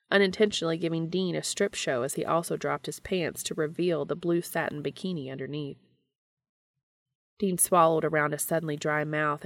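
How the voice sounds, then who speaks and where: A woman narrating a story aloud in a steady, even reading voice. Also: sits low, dry recording. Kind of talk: audiobook reading of fan fiction.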